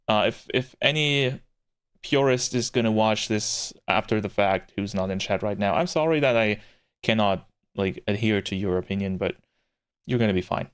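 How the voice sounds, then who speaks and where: A man from Germany with a fairly low voice chats his way through a visual novel on a livestream. He rambles to his viewers and reads the game text aloud in his normal voice, his pitch jumping up when something catches him off guard. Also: smooth. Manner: rambling and chatty, answering chat, with excited jumps in pitch. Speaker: streamer.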